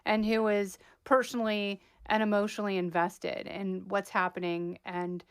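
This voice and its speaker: A woman hosting a talk podcast, asking long questions in a measured, deliberate way. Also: medium pitch, level tone, clear, resonant tone. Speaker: podcast host. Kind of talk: interview questions.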